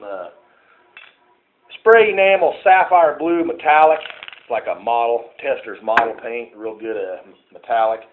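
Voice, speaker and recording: Folksy man on a phone. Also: mid-range voice. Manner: folksy, rambling, lots of "uh" and "folks". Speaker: home repair vlogger. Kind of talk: casual talk while restoring a lantern. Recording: tinny phone recording with faint noise.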